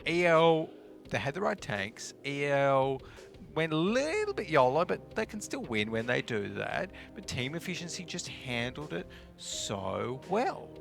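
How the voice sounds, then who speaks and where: Bright-voiced excitable male co-caster. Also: a little high, measured pace, gravelly, soft background music. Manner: excitable, casual, trips over words. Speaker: esports co-caster. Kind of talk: live esports commentary.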